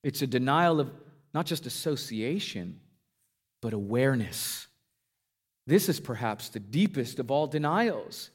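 A man preaching a sermon, retelling a scripture passage with his pitch climbing for emphasis and dropping low on key lines. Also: animated, unhurried, husky. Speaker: pastor.

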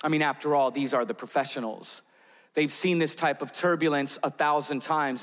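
A man preaches a sermon in a large hall, and his voice rings out with a long reverb. His voice sits a little high. He builds tension by walking listeners through vivid, imagined scenes. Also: fairly even intonation, normal speed, fairly bright tone. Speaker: pastor.

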